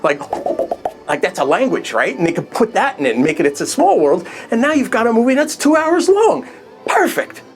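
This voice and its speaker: A man's voice: high-pitched, sing-song, brisk, faint music behind. A man giving a crude, exasperated comedy rant as a movie reviewer.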